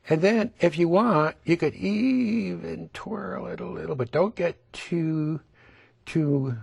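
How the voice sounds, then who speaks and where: A man's voice: medium pitch, darkish tone, breathy edge, dry recording. A man teaching a TV painting lesson in a chatty, folksy way, laughing at his own jokes. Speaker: painting instructor.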